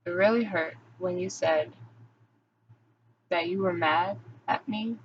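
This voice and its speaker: A woman's voice: on the low side, takes it slowly, a little hiss or hum. A young adult woman talking candidly in a rambling, confessional vlog monologue, full of "like" and restarts. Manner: rambling, candid, heavy use of "like". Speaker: vlogger. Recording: dull lo-fi recording.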